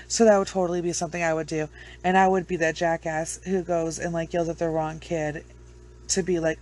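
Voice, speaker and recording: A woman's voice: lowish voice, little pitch movement, fairly quick, darkish tone. A woman with children chatting casually to her viewers, rambling, blunt and swearing freely. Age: adult with children. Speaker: true crime vlogger. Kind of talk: casual chat to camera.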